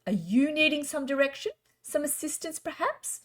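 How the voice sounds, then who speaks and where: A woman voicing a posh, well-to-do older lady who speaks in a high, genteel, polite way. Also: expressive, normal speed, background noise. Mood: solicitous.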